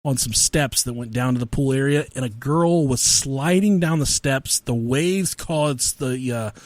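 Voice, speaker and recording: A man's voice: mid-range voice, a little slow, no room sound. Profane, laughing podcast storyteller, a man. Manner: profane, laughs often while telling stories. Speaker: podcast co-host. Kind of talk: casual comedic storytelling.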